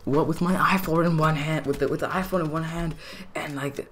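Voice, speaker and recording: A young man telling a story in a casual, rambling vlog, full of "like" and "dude" and growing excited. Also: on the high side, a little fast.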